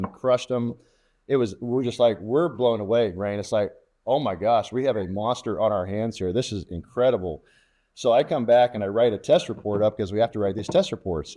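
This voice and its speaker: A middle-aged man, a former fighter test pilot, telling war stories in a casual interview and acting out the quoted dialogue. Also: medium pitch. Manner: lively storyteller who acts out quoted radio talk.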